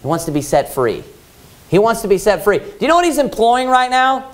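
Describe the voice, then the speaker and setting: A man's voice: high-pitched, sing-song, fairly quick. A man preaching a Baptist sermon in a church, telling the story vividly and asking the congregation rhetorical questions.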